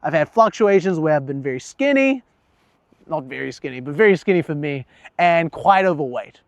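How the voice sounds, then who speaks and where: High-voiced man, candid and profane. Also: lively intonation, moderate pace, no echo, muffled recording. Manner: casual and profane, laughs at himself. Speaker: vlogger. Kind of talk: candid personal monologue.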